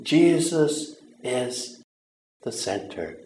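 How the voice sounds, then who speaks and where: A man preaching a sermon, earnest and halting, with repeated words and long pauses. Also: mid-range voice, big pitch swings, a little mellow. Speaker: pastor. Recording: roomy echo.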